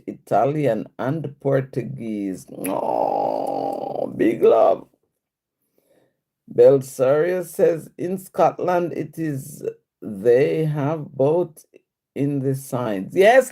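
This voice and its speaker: A woman's voice: deep voice, dark tone. A woman with a Jamaican accent on a live stream, reading viewer comments aloud and chatting back to them. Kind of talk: casual live-stream chat.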